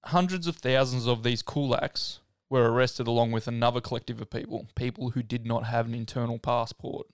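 A man's voice: medium pitch, fairly even intonation, a little fast, smooth, no echo, clean studio sound. A man hosting a podcast, casually explaining history and laughing often. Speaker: podcast host. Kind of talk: casual chat.

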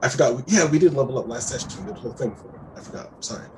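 A man's voice: medium pitch, animated, very fast, background noise. A man playing a tabletop game, chatting and laughing as he describes his character's turn. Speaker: player. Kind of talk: casual tabletop play.

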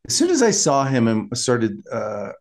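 A man's voice: medium pitch, huge pitch swings, normal speed. A man co-hosting a casual podcast, reminiscing in an easygoing way. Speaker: podcast co-host. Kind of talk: casual chat.

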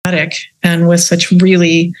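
A woman's voice: lowish voice, completely flat delivery, moderate pace. A woman talking as a health practitioner in a casual interview, earnest and sharing stories of her patients. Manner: earnest, tells patient stories, laughs lightly.

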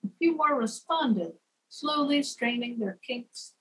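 Breathy woman telling a gentle tale. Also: on the high side, lively intonation, rough recording. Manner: slow, chanting softly on refrains. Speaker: storyteller. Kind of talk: scripted narration.

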